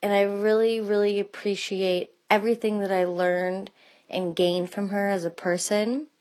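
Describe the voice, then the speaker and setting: A woman's voice: mid-range voice, flat delivery, normal speed, darkish tone, low-quality recording. A woman telling a personal story about a friend in a rambling, hesitant way, with many restarts. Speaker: friend sharing memories.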